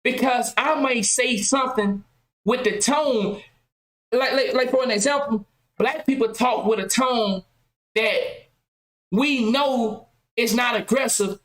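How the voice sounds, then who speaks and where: A woman hosting a podcast, talking loudly and passionately, firing off rhetorical questions in casual commentary. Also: fairly high pitch, slow, echoey room, low-quality recording. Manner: loud, impassioned, rhetorical questions. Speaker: podcast host.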